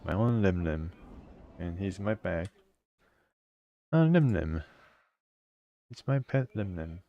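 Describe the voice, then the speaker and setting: A man's voice: low-pitched, animated, slow pace, no room sound, highs cut off. A man casually playing through a video game, reading its text aloud and chatting about it. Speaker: gamer.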